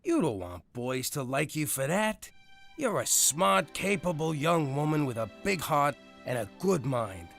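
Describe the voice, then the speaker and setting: A man voicing an Italian-American mob father with a New York accent in an animated cartoon, exasperated and soft on his daughter. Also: fairly high pitch, a little slow, gravelly, soft background music, full character voice. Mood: tender. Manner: exasperated, blustering, then tender.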